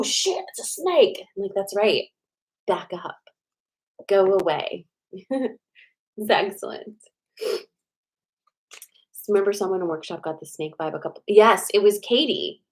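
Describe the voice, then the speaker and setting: A woman's voice: fairly low pitch, low-quality recording. A woman in her forties hosting a casual livestream, chatty and rambling, reading cards to viewers and full of "like" fillers.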